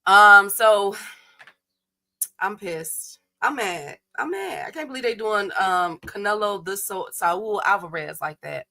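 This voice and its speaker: Bright-voiced woman ranting to her chat. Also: medium pitch, slow pace. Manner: animated, talks straight to her chat viewers, blunt and slangy. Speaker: boxing livestream host. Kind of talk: casual livestream rant.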